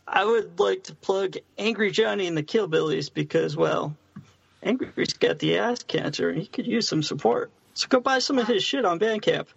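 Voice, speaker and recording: A man's voice: high-pitched, moderate pace, gravelly, slightly rough, dry recording. A man on a remote podcast call who talks bluntly and swears. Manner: blunt, profane. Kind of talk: casual podcast chat. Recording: dull, dry, distant call audio.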